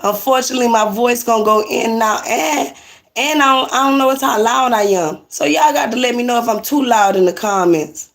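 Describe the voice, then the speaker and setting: A woman's voice: on the high side, fairly quick. A woman chatting casually on a live stream from her apartment, teasing viewers and answering their comments aloud.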